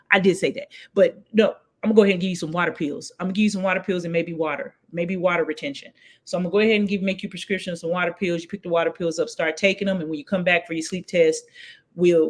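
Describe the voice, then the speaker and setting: A woman, a guest telling her story in a casual interview, acting out what others said in lively voices. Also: fairly low pitch. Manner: animated, acts out quoted voices.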